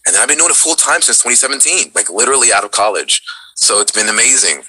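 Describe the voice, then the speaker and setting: A man in his twenties from Texas, a voice actor chatting casually on a video call as he tells his story in a relaxed, lively way. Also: mid-range voice, quick pace, slightly rough, no echo, rough recording. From Dallas, Texas. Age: 20s. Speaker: voice actor guest.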